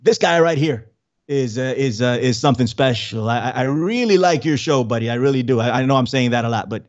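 A man's voice: mid-range voice, fairly quick, lo-fi sound. A man hosting a casual livestream podcast, rambling and repeating words as he greets the chat. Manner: rambling, repeats words, friendly shout-outs. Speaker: podcast host.

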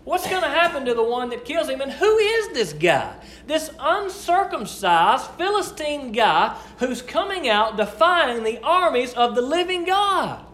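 A man's voice: very animated, brisk, few pauses, fairly bright tone, exaggerated voice. A man voicing young David, fired up and indignant. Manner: exclaiming, high and urgent. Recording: echoey room, faint noise.

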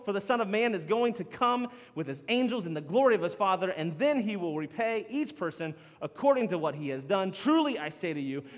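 A man preaching a sermon as pastor, chatty and animated, laughing often. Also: sits high, long reverb tail.

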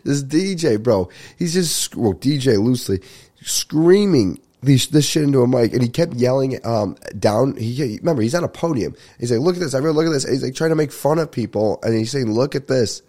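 Warm and expressive at a medium pitch, this young podcast host tells casual comedic stories at a moderate pace. His rambling tales are full of laughs and cursing, and his voice is stuffy from a sinus infection he's getting over.

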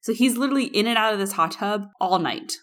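A young woman spinning a casual story on a podcast, animated and chatty. Her voice sits in an ordinary middle pitch. She jumps in and out of acted quotes as she goes. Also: fast talker. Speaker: podcast co-host.

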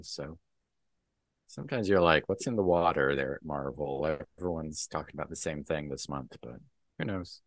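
A man's voice: deep voice, no room sound, clean studio sound. A man hosting a podcast, casually recapping a comic book and acting out its dialogue. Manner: recaps the plot and acts out the dialogue. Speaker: podcast host.

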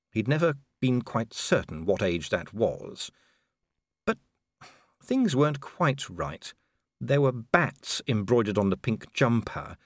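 A man narrating a novel in a wry, expressive reading style. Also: mid-range voice, no room sound, clean studio sound. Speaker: audiobook narrator. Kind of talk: scripted narration.

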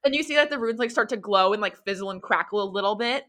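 A woman's voice: medium pitch, fast talker, a loud crowd. A woman narrating a tabletop role-play as game master, in a loose, rambling way full of fillers.

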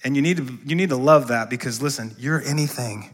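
A man's voice: mid-range voice, a little fast. A male pastor preaching a sermon in a church, asking the congregation questions and calling for responses. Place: church sanctuary.

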